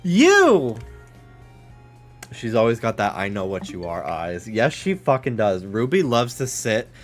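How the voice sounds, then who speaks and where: A man streaming a game from his home office, chatting casually, swearing freely and cooing to his dog in high baby talk. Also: lively intonation, moderate pace, faint music behind.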